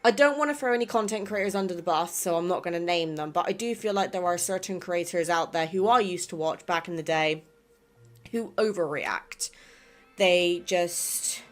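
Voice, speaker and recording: A woman's voice: on the low side, normal speed, faint music behind. A woman from England with a West Country accent touched by American, chatting casually and rambling as she reads out viewer comments on her gaming channel. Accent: English West Country with some American. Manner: chatty, rambling, self-doubting. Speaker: gaming YouTuber.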